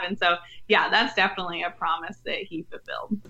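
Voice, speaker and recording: A young woman, a podcast guest, telling a faith story earnestly and warmly, laughing now and then. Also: lowish voice, steady tone, brisk, muffled recording. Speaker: podcast guest, women's ministry leader. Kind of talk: faith-based interview conversation.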